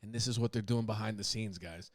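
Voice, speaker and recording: A man's voice: fairly low pitch, fairly even intonation, fast, dry recording, studio quality. A man hosting a podcast, riffing in a loose, profane, joking way and laughing at his own bits. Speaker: podcast host. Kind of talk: casual comedic monologue.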